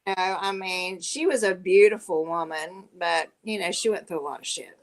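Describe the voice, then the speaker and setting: A woman's voice: lowish voice, moderate pace. A woman in a casual chat, easygoing, chiming in with short remarks.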